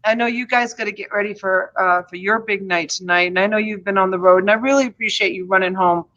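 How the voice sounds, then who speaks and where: A woman's voice: medium pitch, steady tone, quick pace, a bit bright. A woman in her forties with a Boston accent, hosting a casual chat in a rambling, talkative way that breaks into easy laughter. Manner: chatty, rambling, laughs easily. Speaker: host. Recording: dull lo-fi sound.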